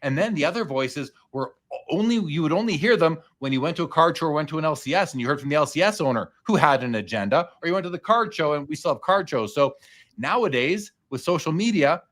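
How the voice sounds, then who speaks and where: A man's voice: on the high side, expressive, fast talker, a bit bright. A man hosting a casual podcast chat, talking loosely and restarting his sentences often. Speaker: podcast host.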